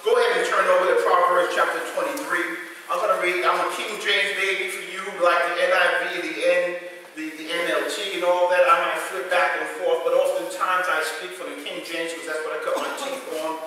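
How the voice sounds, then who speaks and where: High-voiced preaching pastor in an echoey hall. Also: male voice, steady tone, a little fast, pushed and bright, recorded from a distance, slight background noise. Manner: calls out for congregation response; explains scripture word by word. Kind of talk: sermon. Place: church sanctuary. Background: congregation responding.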